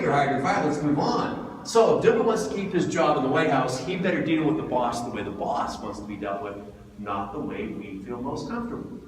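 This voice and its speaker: A man giving a lively seminar talk, asking the audience questions, recorded from far off in a hall. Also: fairly high pitch, slight background noise. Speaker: speaker.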